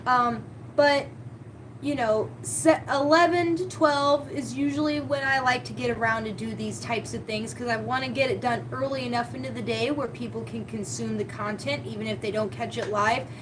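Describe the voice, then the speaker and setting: A woman's voice: on the high side, slight background noise. A woman hosting a spiritual live stream, talking casually and heartfelt, often repeating her key words.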